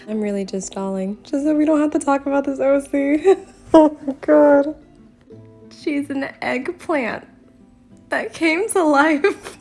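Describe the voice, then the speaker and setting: A woman's voice: medium pitch, a little mellow. A young woman chatting casually while she shows her sketchbook, often breaking into embarrassed giggles and rambling asides. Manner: giggly, self-conscious, rambling. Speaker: artist vlogger. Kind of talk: casual sketchbook tour chat.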